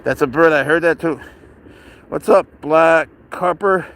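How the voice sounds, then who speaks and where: A man with a somewhat high, gravelly voice rambles casually into his phone while walking outdoors. He keeps breaking off to coax his cat along in baby talk. Faint traffic hums in the background. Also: measured pace, fairly bright tone. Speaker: pet owner live-streaming. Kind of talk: casual live-stream chat. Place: outdoors, walking near a parked car.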